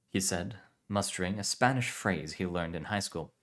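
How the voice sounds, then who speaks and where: A man calmly narrating a story for a relaxed listen. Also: sits low, normal speed, hardly any pauses.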